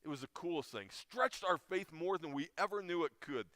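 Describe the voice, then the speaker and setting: A man's voice: fairly high pitch, expressive, a little fast, bright, forceful tone, dry recording, studio quality. A middle-aged man giving an informal chapel talk, telling a personal story with feeling and frequent restarts. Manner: emotional storyteller with many restarts. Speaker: chapel speaker.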